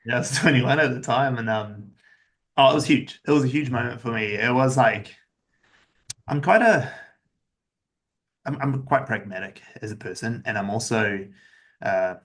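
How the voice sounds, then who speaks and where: A man who founded an agency, telling his personal story as a podcast guest in a candid, even-keeled way, with many uses of "like". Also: mid-range voice, normal speed, long pauses.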